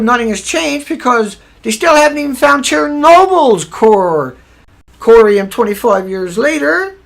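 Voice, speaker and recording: A man's voice: very high-pitched, vocal fry, fairly bright tone. A man hosting a livestream, tired and angry, ranting sarcastically with swearing, repeating himself and restarting sentences. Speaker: livestream host.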